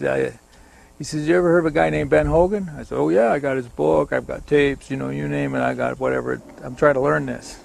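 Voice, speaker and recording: A man's voice: medium pitch, vocal fry. An older American man telling rambling golf stories in a casual interview, chuckling now and then. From United States. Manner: rambling anecdotal storyteller with chuckles.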